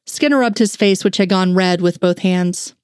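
A woman reading fan fiction aloud in a steady storytelling narration. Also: fairly low pitch, normal speed, no room sound, clean studio sound.

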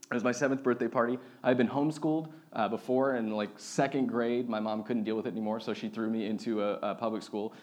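A man in his thirties, a pastor, preaching a sermon with lively personal stories and acted-out voices. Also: medium pitch. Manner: animated storytelling, acts out quoted voices.

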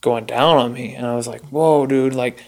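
A young man telling a personal story in casual chat, rambling with lots of fillers and swearing, jumping up in pitch to act out the people he quotes. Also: steady tone, normal speed, a little mellow. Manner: acts out quoted voices with big jumps in pitch. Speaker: podcast guest.

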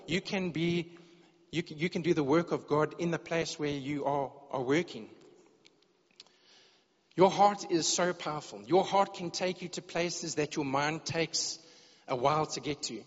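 A man's voice: fairly high pitch, moderate pace, slightly rough. A man preaching a sermon in a church, earnest and direct, often repeating words as he searches for the phrase. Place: church hall. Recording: dull lo-fi sound with long hall reverb.

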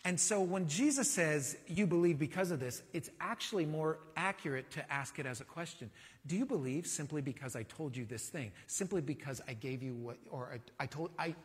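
A man delivers a sermon in a husky, somewhat high voice. He preaches in a conversational, animated way and often throws rhetorical questions at his listeners. A long reverb trails each phrase, as in a large hall. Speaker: pastor.

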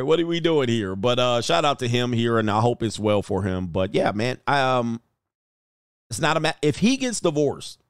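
A man's voice: mid-range voice, clean tone, no echo, studio quality. A man hosting a casual livestream, reading out chat comments and joking in a loose, slangy way. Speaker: dating coach and channel host.

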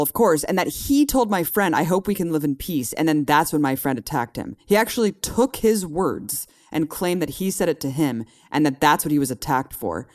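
Man telling a story in animated talk. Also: fairly high pitch. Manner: animated storytelling, rising to exasperated emphasis. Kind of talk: casual political chat.

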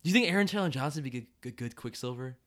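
A man with a bright, sharp tone and a lively, swinging delivery. He is excitable, laughs often and keeps jumping in with questions in a loose, casual chat. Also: medium pitch, racing.

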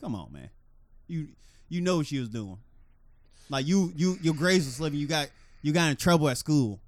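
A man co-hosting a podcast in casual banter, animated and laughing often as he acts out quotes. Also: a little high, moderate pace. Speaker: podcast co-host.

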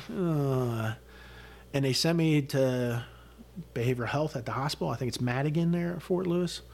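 A middle-aged man, a retired senior army sergeant, telling his story in an interview in a blunt, profane, animated way, acting out what people said. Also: medium pitch, moderate pace, creaky. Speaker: guest, retired command sergeant major.

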